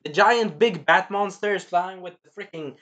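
An animated man chatting through an episode recap with a bright, forceful voice set slightly high. He swears freely and breaks into acted lines and sound effects as he goes. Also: moderate pace. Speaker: show reviewer.

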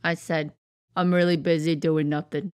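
Voicing a gloomy male tornado in a cartoon, a woman acts out a therapy patient griping to his therapist in a whiny, exasperated manner. Her low voice barely moves in pitch, comes at a moderate pace, and sounds a little mellow, smooth, and natural in a clean, echo-free studio recording.

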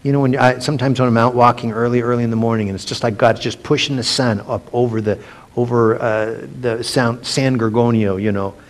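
A pastor with a steady, mid-range voice leads a casual Bible study at a fairly quick pace. He reads verses aloud, then drifts into chatty personal asides, frequently restarting his sentences.

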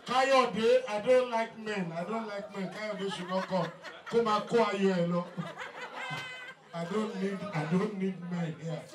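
A Nigerian man with a Nigerian English accent, working as a comic MC at a party and teasing the crowd loudly. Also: high voice, fairly even intonation, unhurried. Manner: joking, loud, teasing the crowd. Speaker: event MC. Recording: echoey hall with crowd, mic far.

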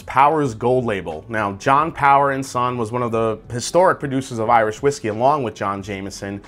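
Man casually reviewing whiskey. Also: mid-range voice. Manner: conversational, relaxed, savoring tasting notes aloud. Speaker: whiskey reviewer, channel host.

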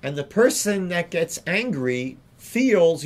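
A rabbi telling a teaching story in a slow, deliberate way, repeating key phrases. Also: male voice, on the high side, expressive. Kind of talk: storytelling lesson.

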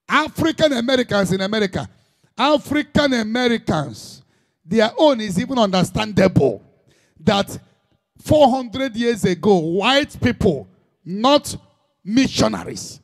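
A man's voice: extremely high pitch, animated, unhurried. A man with a Nigerian Igbo accent, preaching a sermon as a pastor in an impassioned, emphatic style full of repetition.

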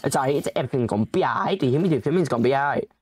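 A man's voice: medium pitch, animated, rapid-fire, noisy background. Frantic pleading young man gaming. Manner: frantic, pleading and bargaining with in-game mobs. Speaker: gamer. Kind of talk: let's play commentary.

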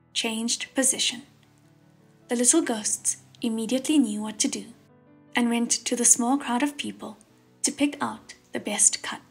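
A woman narrating an audiobook at a steady, unhurried pace. Her voice is husky and breathy, pitched a little high, with faint piano music playing beneath. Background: soft piano music.

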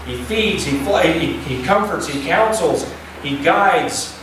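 A man's voice: a little high, expressive, moderate pace. A man preaching a sermon to men about fatherhood, acting out the voices of a father and son as he tells stories. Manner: acts out dialogue in a story. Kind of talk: sermon storytelling. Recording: echoey room from far off, noisy.

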